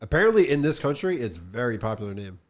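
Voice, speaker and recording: A man hosts a podcast, laid-back and bantering, dropping swears in a loose casual way. His pitch moves around a lot, giving his chat an animated, lively lilt. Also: quick pace. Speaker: podcast host.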